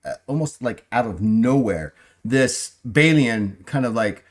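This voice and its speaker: A man's voice: medium pitch, animated, unhurried. A man narrating as game master, rambling with fillers and restarts as he sets scenes.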